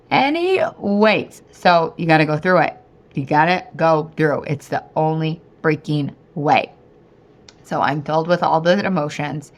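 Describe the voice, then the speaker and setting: A woman in her thirties hosting a podcast, telling a story in a chatty, animated way and often talking straight to her listeners. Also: low voice, normal speed. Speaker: podcast host and weight-loss coach. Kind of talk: casual storytelling monologue.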